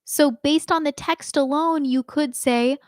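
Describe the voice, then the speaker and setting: A woman teaching a live online singing lesson, explaining slowly and singing short examples. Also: high-pitched, steady tone, no room sound, clean studio sound.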